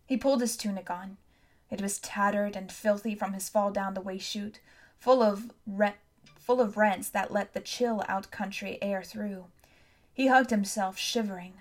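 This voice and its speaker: A woman narrating a novel for an audiobook in a measured, even storytelling manner. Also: mid-range voice.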